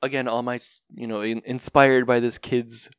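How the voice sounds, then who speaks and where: A man's voice: medium pitch, level tone, moderate pace, smooth, no room sound, studio quality. A man casually recapping an anime episode with a co-host, rambling and joking as he goes. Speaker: podcast co-host.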